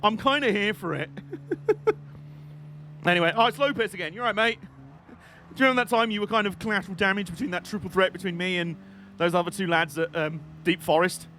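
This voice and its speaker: A man's voice: sits high, fairly even intonation, a little fast, pauses often, pushed and bright, slight background noise. A young man giving rambling, jokey live commentary while playing a racing game on stream. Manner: jokey, rambling, chatty banter.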